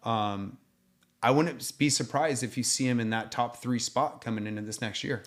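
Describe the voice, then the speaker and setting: A man's voice: medium pitch, normal speed. A man co-hosting a casual racing chat, agreeable and a little hesitant, with frequent ums. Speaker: podcast co-host.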